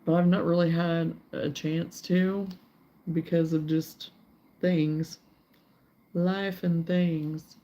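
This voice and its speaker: A woman's voice: on the low side, level tone, takes it slowly, dark tone. A woman hosting a crochet livestream, chatting in a rambling, easygoing way, yawning and sleepy. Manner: rambling, chatty, reads viewer comments aloud. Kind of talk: casual livestream chat.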